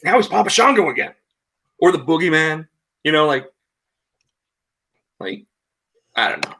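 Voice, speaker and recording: Bright forceful guy rambling thru a story on a podcast, keeps restarting words. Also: fairly high pitch, normal speed. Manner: rambling, animated retelling with repeated words. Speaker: podcast co-host. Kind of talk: casual chat, recapping wrestling.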